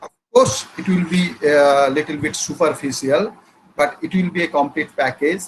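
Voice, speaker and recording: A man with an Indian English accent delivers an academic lecture in a somewhat high voice. He explains each point patiently, often hesitating mid-sentence as he searches for words. A faint background hiss stays under his speech. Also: rough recording. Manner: measured, explanatory, frequent hesitations.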